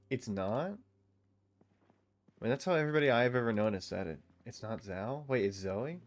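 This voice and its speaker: A man's voice: mid-range voice, lively intonation, normal speed, long pauses. Profane, chatty male streamer. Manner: loose, profane, bantering with chat. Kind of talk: casual live-stream chat while gaming.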